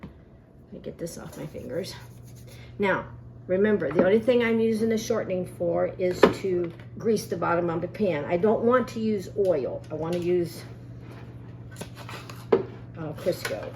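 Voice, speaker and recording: A woman's voice: lowish voice, a little slow, creaky, long pauses, background noise. A woman hosting a casual cooking demonstration in a home kitchen, chatty and folksy, telling family stories as she works. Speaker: cooking show host.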